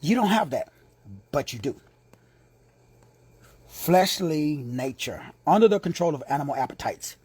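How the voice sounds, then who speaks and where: High, lively, husky Texan preacher. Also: male voice, unhurried, long pauses, dry recording. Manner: playful and slangy, dropping into hushed whispers for asides. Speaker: preacher and teacher. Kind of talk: informal sermon teaching.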